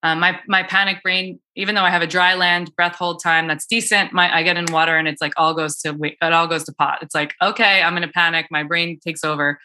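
A woman's voice: on the low side, flat delivery, brisk, hardly any pauses, bright, forceful tone. A woman coaching on cold exposure, chatting casually with many fillers and restarts. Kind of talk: casual podcast conversation.

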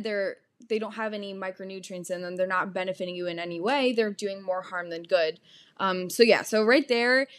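A young woman hosting a solo fitness podcast, talking casually with frequent "um" and "you know" fillers. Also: mid-range voice. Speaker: podcast host and fitness coach.

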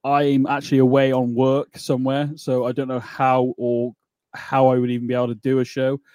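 Male podcast host, relaxed and friendly, dry close-mic sound. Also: mid-range voice, moderate pace, clean tone, dry recording. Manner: easygoing, laughs often, says "mate". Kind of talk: casual chat.

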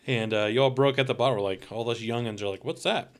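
A man's voice: medium pitch, fairly even intonation. Joking man. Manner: chatty, quick interjections and jokes. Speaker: podcast co-host. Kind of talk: casual chat.

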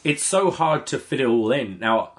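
A man co-hosting a podcast, chatting in a relaxed, easy way. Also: medium pitch, normal speed. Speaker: podcast co-host. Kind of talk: casual chat.

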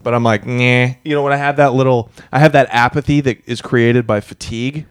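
A man's voice: mid-range voice, steady tone, fast talker, smooth, no echo. A man guesting on a podcast as a comedian, joking and cursing in casual chat. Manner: profane, joking, sardonic.

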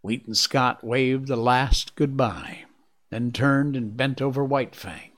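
A man narrating a classic adventure novel in a deliberate storytelling manner. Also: medium pitch, fairly even intonation, fairly bright tone. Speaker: audiobook narrator.

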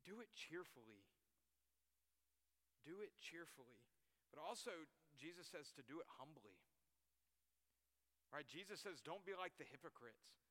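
A man delivers a sermon in a bright, forceful voice pitched a little high. He drives points home by repeating short lines. The sound carries the long reverb of a church hall. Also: big pitch swings, a little slow, pauses often. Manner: preaching, repeats key lines for emphasis. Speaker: pastor.

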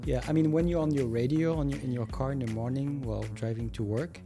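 A man's voice: medium pitch, steady tone, fast, music in the background. A man co-hosting a casual podcast, playful and rambling, often laughing. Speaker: podcast co-host. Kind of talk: casual chat.

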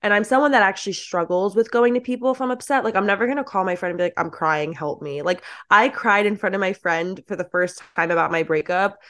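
A woman's voice: mid-range voice, quick pace, few pauses, a bit bright. A young woman as a podcast guest, chatting casually and peppering her talk with "like". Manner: chatty, lots of "like", acts out quoted thoughts. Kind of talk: casual chat.

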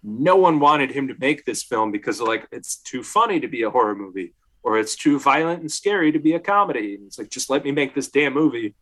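Casting: male co-host, relaxed film-chat storyteller, filler-heavy and lively. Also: medium pitch, brisk, few pauses. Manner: chatty storyteller, leans on "like", acts out quotes. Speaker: podcast co-host. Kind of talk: casual film discussion.

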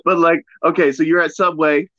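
A man's voice: a little high, level tone, fairly quick, pushed and bright, no room sound. A man hosting a podcast, joking and riffing playfully in casual banter. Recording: dry, slightly dull mic sound.

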